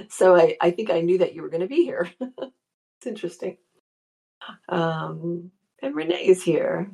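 Woman host w a low gravelly kinda husky voice, chatty live show, says hi to listeners by name. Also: expressive, unhurried, pauses often, mellow. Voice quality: gravelly morning voice. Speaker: radio show host and spiritual psychology practitioner. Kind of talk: casual live-show chat reading listener comments.

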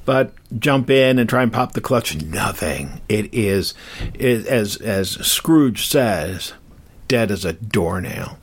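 An older male host tells a story in a slow, rambling, self-deprecating way. His husky voice rises and falls a lot. He sounds chatty and unhurried. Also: on the low side, animated. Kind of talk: casual storytelling.

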